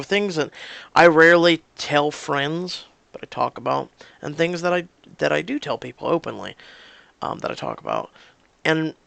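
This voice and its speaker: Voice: medium pitch, gravelly, fairly bright tone, no room sound. A YouTube gamer giving casual, rambling and candid commentary between story scenes, with many fillers and restarts.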